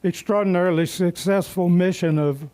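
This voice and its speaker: A man's voice: sits high, steady tone, normal speed, darkish tone, clean tone. A man emceeing a club meeting who tells folksy, joking stories and makes announcements.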